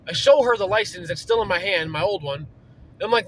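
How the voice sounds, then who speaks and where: A man's voice: high-pitched, a little hiss or hum, rough recording. A young man ranting angrily and profanely from inside his car. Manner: heated, profane, talks fast and loud. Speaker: vlogger. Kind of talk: angry rant.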